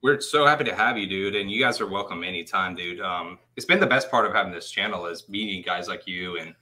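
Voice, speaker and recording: A man's voice: sits low, fast, sharp tone. A man co-hosting a casual live-stream chat, telling stories animatedly and laughing often. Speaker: co-host.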